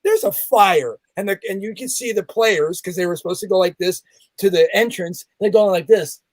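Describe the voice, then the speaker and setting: A man with a fairly high voice tells a story as a podcast guest, acting out every bang and every quoted line. The sound is close and dry, with no room around it. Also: normal speed, a little mellow, dry recording. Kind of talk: animated storytelling in conversation.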